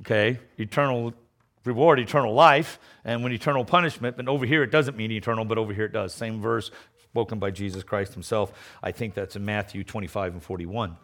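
A middle-aged man preaching a sermon, emphatic, swinging between loud declarations and low mocking asides, often repeating words as he restarts. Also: fairly quick.

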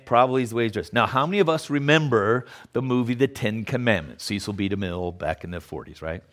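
Preacher, male, easygoing sermon talk, frequent restarts and check-ins. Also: mid-range voice. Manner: repeats words, often checks in with "Okay?". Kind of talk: conversational sermon.

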